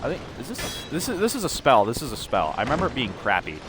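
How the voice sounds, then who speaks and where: A man's voice: mid-range voice, wildly swooping pitch, fast, background noise. A man ranting loosely while playing a game, rambling and often restarting his sentences. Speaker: gaming video creator. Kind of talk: unscripted gameplay rant.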